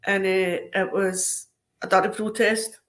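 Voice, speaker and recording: A woman with a Scottish accent, a guest telling stories in a relaxed, chatty way. She tells them animatedly and acts out the other people's lines. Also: mid-range voice, unhurried, slight background noise. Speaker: guest, crime scene cleaner. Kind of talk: casual anecdote telling.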